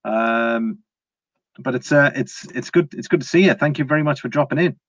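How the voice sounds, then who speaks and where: A man's voice: mid-range voice, normal speed, no room sound. A British man hosting a casual live stream, reading out viewer comments and rambling through his views with lots of "uh" and restarts. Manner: rambling, with frequent fillers and restarts. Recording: dry, slightly dull lo-fi sound.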